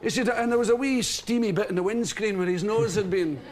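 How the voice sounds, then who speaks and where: A man's voice: high voice, fairly quick, a faint crowd. A Scottish man, a chat-show guest, telling a long rambling anecdote and laughing through it. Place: television studio.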